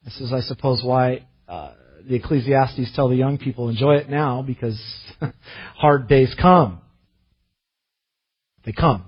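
A pastor preaching a sermon in an earnest way, rising to impassioned readings of scripture. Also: male voice, medium pitch, fairly even intonation, unhurried, slightly rough, dull audio.

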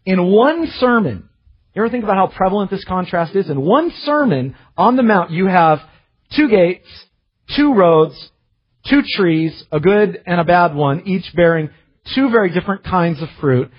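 A man's voice: sits high, animated, normal speed, husky, dull audio. A man preaching a sermon in an earnest, self-searching way, often restarting his phrases.

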